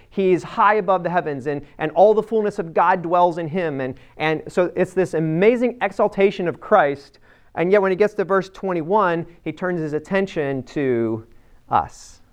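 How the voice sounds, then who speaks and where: A man's voice: fairly high pitch, clean tone. A man teaching a Bible passage to a group in a conversational, emphatic way, often checking in with "right?" and using fillers. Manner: addresses a live group directly.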